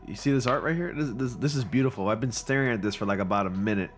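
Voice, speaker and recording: A man hosting his channel, giving casual, excitable commentary with gushing reactions and frequent fillers. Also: mid-range voice, fast talker, faint music behind. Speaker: channel host reviewing fan photo submissions.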